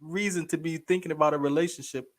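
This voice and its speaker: A man in his thirties chatting casually as a guest co-host, telling stories with lively acted-out quotes. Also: fairly high pitch, fast talker. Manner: animated storyteller, acts out quoted voices. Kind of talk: casual chat.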